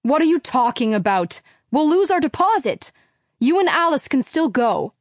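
A woman voicing a defensive, dismissive father in an audiobook, speaking loudly in clipped lines. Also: medium pitch, moderate pace, no echo, studio quality, close to an everyday voice. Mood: exasperated. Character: father, businessman, defensive and brusque. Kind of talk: audiobook character reading.

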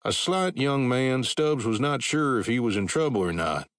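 A man reading a western novel aloud as narrator, steady and measured. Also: mid-range voice, no echo, studio quality. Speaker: audiobook narrator. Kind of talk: scripted narration.

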